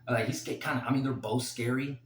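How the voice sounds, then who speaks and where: A man giving his fight picks in a casual, rambling solo talk that turns emotional and excited. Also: mid-range voice, fairly quick, reverberant, slight background noise. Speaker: host making fight picks.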